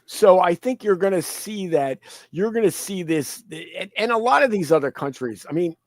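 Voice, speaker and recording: Animated man talking markets. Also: normal speed, no room sound, rough recording. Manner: animated, repeats words, acts out quoted people in high mocking voices. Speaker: guest commentator. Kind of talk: casual conversational interview.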